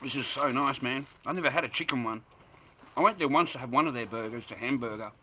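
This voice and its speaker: Chatty Australian man, bright voice. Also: mid-range voice, fast, a little hiss or hum. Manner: rambling, chatty, laughs easily. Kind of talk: casual chat to camera.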